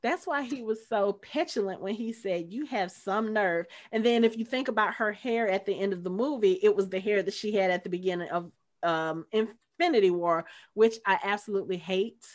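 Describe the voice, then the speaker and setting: A woman talks through a film in casual podcast chat. She is chatty and animated, and she slips into short voices for the characters as she retells scenes. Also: medium pitch, fairly quick. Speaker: podcast co-host. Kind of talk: casual movie discussion.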